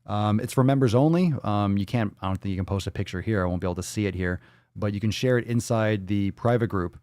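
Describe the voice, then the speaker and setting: A man's voice: fairly low pitch, fast, a little mellow, no echo, studio quality. A man hosting a daily fitness livestream podcast, talking casually with hype, profanity and playful catchphrases. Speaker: podcast host.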